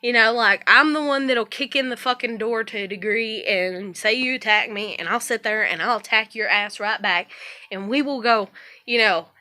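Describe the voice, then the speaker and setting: A high, bright-voiced woman talking straight to her camera in a heated, confrontational rant. She swears freely and pushes her voice up when she gets going. Her tone is sharp and tense throughout. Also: normal speed. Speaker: vlogger.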